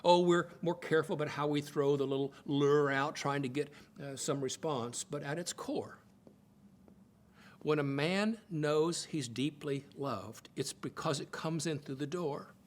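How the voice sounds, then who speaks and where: An older man from the United States, giving a sermon-style talk on marriage, telling family stories and acting out the quotes, often repeating words as he starts a phrase. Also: a little slow. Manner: expressive, acts out quotes with swings in pitch and loudness. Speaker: speaker teaching on marriage.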